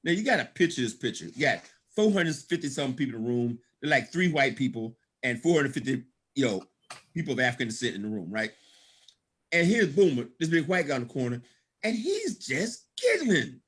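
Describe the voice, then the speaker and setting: An animated man with a medium-pitched, slightly bright voice and a breathy edge talks at a quick pace. He is the guest speaker at a business opportunity event, telling motivational stories, laughing a lot, and calling out praise like a folksy preacher.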